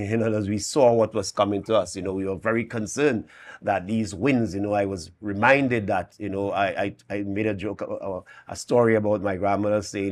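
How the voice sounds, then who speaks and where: Trinidadian man giving a detailed briefing. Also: lowish voice. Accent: Trinidad and Tobago. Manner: detailed, figure-laden briefing. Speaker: emergency management official. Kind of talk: briefing in a morning show interview.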